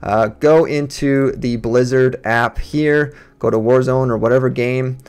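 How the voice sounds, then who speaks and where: Man streamer, casual tutorial walk-through, plain mid-pitch voice, USB desk mic. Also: steady tone, unhurried, a little mellow, clean tone. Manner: casual step-by-step instructions. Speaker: gaming streamer. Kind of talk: software setup tutorial. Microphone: USB desk microphone.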